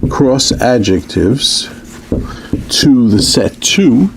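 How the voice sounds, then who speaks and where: A man lecturing on mathematics with a lively, up-and-down delivery and a gravelly edge to his voice. He keeps checking in with his listeners as he works through examples. A faint hiss sits under the recording. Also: medium pitch, very slow. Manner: lively, repeats "okay" as a check-in. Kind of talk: math lecture.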